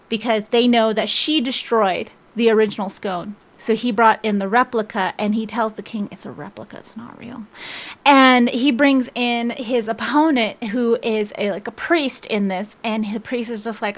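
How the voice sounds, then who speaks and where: A chatty woman with a fairly high voice, talking through a story's plot in a loose, rambling way. She fills her sentences with "like" and backs up to restart thoughts as she goes. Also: fairly even intonation, normal speed. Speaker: book vlogger. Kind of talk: casual plot recap.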